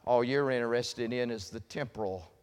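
Preacher man with soaring, shouted emphasis. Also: medium pitch, normal speed, clean tone, big-room sound. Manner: swings from quiet asides to loud shouted emphasis. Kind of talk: sermon.

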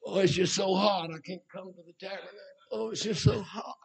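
A man's voice: high-pitched, fairly even intonation, fairly quick, vocal fry, husky, heavily acted. A man mimicking a whiny churchgoer who complains about the heat, in a mocking tone. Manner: whining, mocking.

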